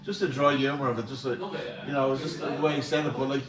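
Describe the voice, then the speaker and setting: A man's voice: medium pitch, fast, a crowd in the background. Rambling middle-aged man in an echoey room. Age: 40s. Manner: rambling, repeats words, animated storytelling. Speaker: podcast co-host. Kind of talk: casual chat. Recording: echoey room, mic at a distance.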